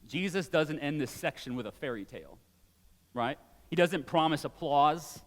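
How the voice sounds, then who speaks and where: A man in his forties preaching a sermon in a church, conversational and animated, with casual asides. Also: a little high, moderate pace, long reverb tail. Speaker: pastor. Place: church sanctuary.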